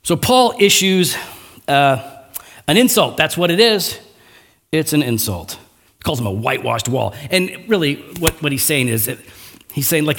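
Animated casual preacher, lively pitch. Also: male voice. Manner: casual, conversational preaching with slang and quick asides; animated, acting out biblical quotes in raised voice. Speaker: pastor. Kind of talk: sermon.

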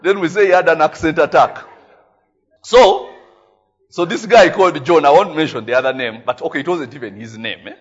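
Husky Ugandan preacher, eh-tagging storyteller. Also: male voice, on the high side, brisk, muffled recording. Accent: Ugandan English. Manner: animated storytelling, frequent "eh?" tags, laughing often. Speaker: pastor. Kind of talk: sermon.

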